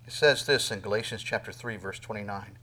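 A man preaching a sermon, swinging from soft asides to loud, dramatic bursts and acting out quoted voices. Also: fairly low pitch, a little fast. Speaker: pastor.

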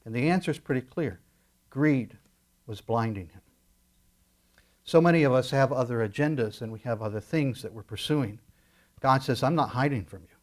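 A man preaching a sermon as pastor, swinging between loud emphatic lines and quiet asides. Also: mid-range voice, normal speed, pauses often.

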